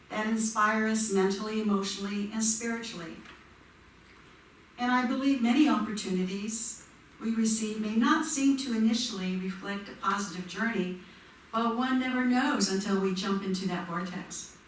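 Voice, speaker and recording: A woman's voice: mid-range voice, slight background noise. A woman from the congregation shares her personal story, chatty and light with jokes at her own expense. The church around her is very echoey. She sounds a little far from the mic. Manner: conversational, self-deprecating humor. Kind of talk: personal testimony. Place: church sanctuary.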